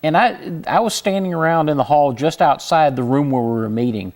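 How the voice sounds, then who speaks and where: Gravelly middle-aged man from Houston. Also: on the high side, darkish tone. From Houston, Texas. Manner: self-deprecating, halting with restarts. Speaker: interview guest. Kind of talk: casual interview conversation.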